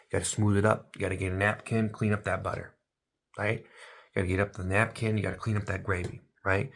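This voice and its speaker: A man's voice: on the low side, a bit bright. A man talking to his viewers in a rambling stream-of-consciousness monologue, full of absurd rhyming wordplay that drifts between near-whispers and sudden bursts. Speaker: vlogger.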